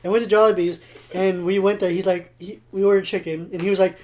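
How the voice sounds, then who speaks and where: A young man co-hosting a podcast in casual chat, telling lively stories, swearing freely and laughing often. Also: high voice, fast. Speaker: podcast co-host.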